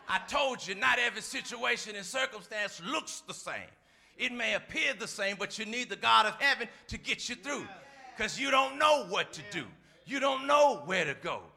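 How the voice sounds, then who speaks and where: Gravelly, bright-voiced preacher. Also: male voice, extremely high pitch, expressive, moderate pace. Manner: call-and-response preaching, shifts between shouting and soft asides. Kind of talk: sermon.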